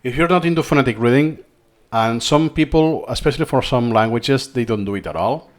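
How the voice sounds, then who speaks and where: Spanish accented guy doing a screen tutorial, thinks out loud, repeats himself a lot. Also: mid-range voice, a little fast. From Spain. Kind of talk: screen-recorded tutorial talk.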